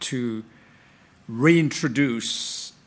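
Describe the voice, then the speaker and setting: A man's voice: medium pitch, extremely slow. A man chairing a conference panel in a conference room, repeating words and restarting as he introduces the speakers.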